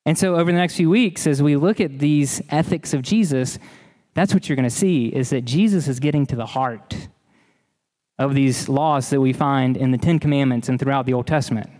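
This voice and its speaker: A man's voice: mid-range voice, moderate pace, a little mellow, big-room sound. A man preaching a sermon in an earnest, emphatic way, often repeating key phrases. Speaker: pastor.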